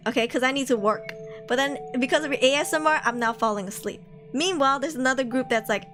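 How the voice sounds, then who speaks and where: A woman chats to her stream in a giggly, slangy, self-teasing way, her voice fairly high and bouncing all over. She sits close to a desk microphone at home. Spooky background music runs steadily under her talk. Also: lively intonation, brisk, a bit bright. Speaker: livestream host reading horror stories. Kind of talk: casual livestream chat.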